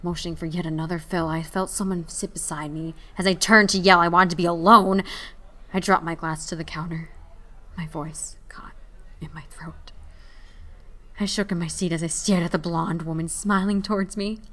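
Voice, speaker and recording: Young female narrator, emotive dramatic storytelling, lowish voice. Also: fairly even intonation, moderate pace. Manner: emotive, shifts between hushed and raised. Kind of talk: dramatic reading of a short story.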